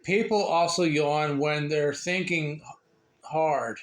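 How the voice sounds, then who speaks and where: A man reads a children's picture book aloud at a slow, careful pace. His voice sits a little high, and he stumbles and restarts over words as he goes. The room rings with noticeable echo. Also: fairly even intonation. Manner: slow, halting reading with slips and asides. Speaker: reader sharing a book. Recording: echoey room.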